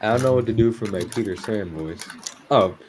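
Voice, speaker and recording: A man's voice: fairly low pitch, fairly quick, background noise. A young man chatting casually on a stream, rambling through a list of his voice impressions. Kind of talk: casual chat.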